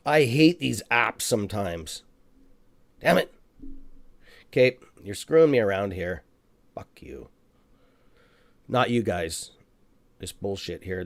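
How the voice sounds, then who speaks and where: Excitable man cursing his trading app. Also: fairly low pitch, no room sound. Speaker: stock trading livestream host. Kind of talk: live market commentary.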